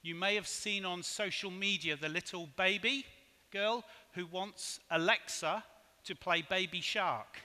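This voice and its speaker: A man giving a conference keynote in a hotel hall, measured and asking the audience rhetorical questions. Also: high-pitched, sharp tone. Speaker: conference speaker. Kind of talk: keynote presentation. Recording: hall reverb.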